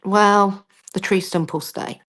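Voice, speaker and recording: A woman's voice: medium pitch, fairly even intonation, takes it slowly, fairly bright tone. Chatty woman demonstrating crafts. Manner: chatty, self-deprecating, talks while working. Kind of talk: live crafting demo.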